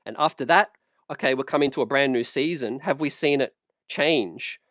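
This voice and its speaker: A man's voice: medium pitch, normal speed, a bit bright, dry recording. Dry-voiced male sports fan host. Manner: conversational, peppered with "you know" and "man", worked up. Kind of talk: casual basketball fan commentary.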